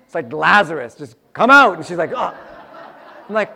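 Man, pastor, sermon, somewhat high voice, animated delivery, repeats lines for emphasis. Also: brisk, gravelly, breathy edge. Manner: animated, acts out little scenes with sound effects.

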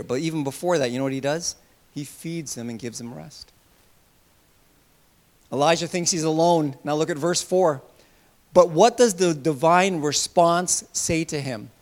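A man preaching in an animated way, his slightly higher voice rising into loud bursts and falling into soft, quiet asides. He talks to his congregation directly. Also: moderate pace. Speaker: pastor. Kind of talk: sermon.

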